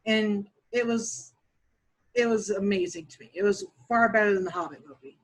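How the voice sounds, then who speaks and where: A woman's voice: medium pitch, fairly quick, breathy edge, low-quality recording. A woman guest on a podcast, a dungeon master speaking candidly in casual chat with dry chuckles.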